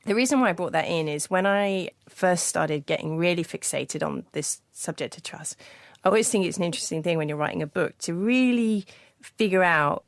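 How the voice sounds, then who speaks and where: A woman author in a studio interview, telling a story earnestly with quick restarts. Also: fairly low pitch, dry recording. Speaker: author guest. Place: podcast studio.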